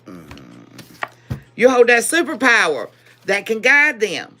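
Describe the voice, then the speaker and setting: A woman reads tarot live for her viewers, her fairly high, bright voice swinging up and down with lively energy. She laughs often, repeats her points for emphasis and calls her listeners baby. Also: slow pace, a little hiss or hum. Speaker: tarot reader. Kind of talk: live-streamed tarot reading.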